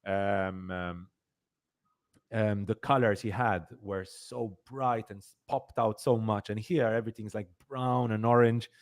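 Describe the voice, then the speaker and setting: Rambling man with a low voice. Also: fairly even intonation, a little slow. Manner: rambling, many fillers and repeats; emphatic complaints. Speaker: podcast host. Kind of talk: casual review chat.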